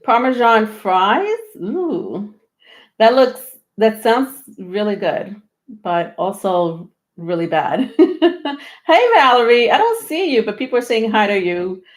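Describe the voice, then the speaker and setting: A woman hosting a tarot live stream, talking casually, a little out of breath, rambling with many pauses and restarts. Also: medium pitch, expressive. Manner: rambling, many ums and restarts, laughs often. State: slightly out of breath.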